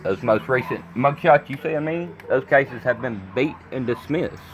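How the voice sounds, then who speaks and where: A man's voice: mid-range voice, normal speed, highs cut off, background noise. Rambling, defiant man vlogging. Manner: rambling, repeats himself, blunt and defiant. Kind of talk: casual rambling monologue to camera.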